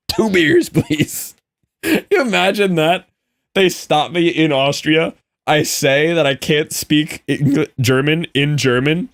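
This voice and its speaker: A man's voice: a little high, no echo. Laughing young man telling a story, dry mic. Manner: animated storytelling, laughing often, quick asides. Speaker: Minecraft streamer. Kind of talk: casual live-stream chat with viewers.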